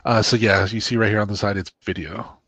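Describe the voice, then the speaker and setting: A man hosting a casual livestream and walking through software, relaxed and rambling with lots of fillers. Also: lowish voice, a little fast, no room sound. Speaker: host demoing software.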